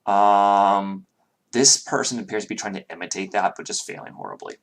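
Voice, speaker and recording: A man's voice: lowish voice, moderate pace, a bit bright, slight background noise. A man narrating as game master, rambling with many fillers and self-corrections.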